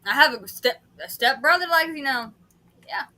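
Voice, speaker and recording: A woman's voice: high-pitched, moderate pace, sharp tone. A woman co-hosting a live stream, playful and teasing in casual chat.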